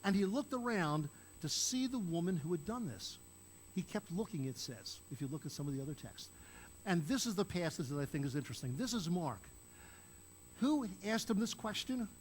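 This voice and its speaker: Man preaching, animated, acts out characters, fairly high voice, faint background noise. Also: moderate pace, poor audio. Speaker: pastor. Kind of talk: sermon.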